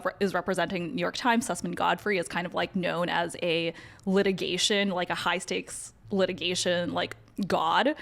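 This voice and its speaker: A woman, a lawyer co-hosting a podcast, explaining legal news in a brisk, wry, casual way. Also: fairly low pitch, fairly bright tone. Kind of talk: casual chat.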